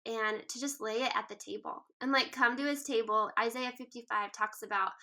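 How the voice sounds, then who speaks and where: A woman's voice: fairly high pitch, fairly even intonation, moderate pace, sharp tone. A woman in her thirties, a guest author, talking in an earnest, reflective way with frequent "um" and "like" fillers. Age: 30s. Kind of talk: casual interview conversation.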